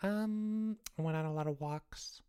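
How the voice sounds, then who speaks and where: An excitable, scatterbrained young boy, acted by a woman, who rambles and wanders off topic in comedic podcast banter. The voice sits a touch low, smooth and clear. He talks in bursts, restarting and piling on ideas. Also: a little slow. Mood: rambling. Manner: scatterbrained, rambling, easily sidetracked. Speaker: podcast co-host.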